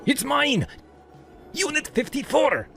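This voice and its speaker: A man's voice: extremely high pitch, very animated, takes it slowly, a bit bright, pitched above the performer's own voice, exaggerated voice. A man voicing an angry middle-aged Eastern European man who bellows in broken English, in a horror story. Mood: enraged. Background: music.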